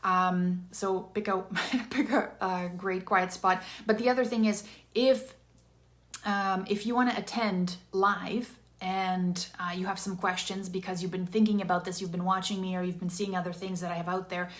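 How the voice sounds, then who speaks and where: A woman's voice: lowish voice, normal speed. A woman in her thirties, an interactive storytelling coach, giving an upbeat, chatty live-streamed talk from a room with some echo. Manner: upbeat, chatty, energetic with bursts of enthusiasm.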